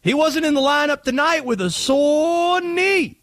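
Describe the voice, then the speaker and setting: A man voicing a high, excitable conspiracy-minded sports fan with a put-on Cajun twang. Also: measured pace, dry recording, clean studio sound. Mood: suspicious. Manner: wild, rambling, suspicious.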